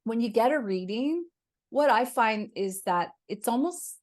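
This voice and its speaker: A woman hosting a podcast, asking questions and agreeing often in a relaxed conversation. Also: a little high, unhurried. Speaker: podcast host. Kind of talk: conversational interview.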